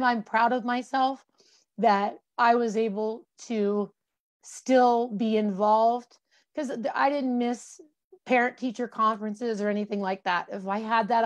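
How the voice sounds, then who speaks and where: A woman in her forties, a guest reflecting candidly on her life, with many fillers and restarts. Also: fairly high pitch. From Colorado, USA. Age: 40s. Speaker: interview guest. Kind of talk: candid personal conversation.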